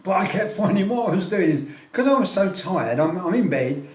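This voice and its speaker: A man's voice: high-pitched, lively intonation, brisk. Chatty Englishman in an echoey room. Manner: chatty, self-deprecating, laughs often, frequent restarts. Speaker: wargaming hobby vlogger. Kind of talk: casual rambling chat to camera. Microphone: filming on a tablet.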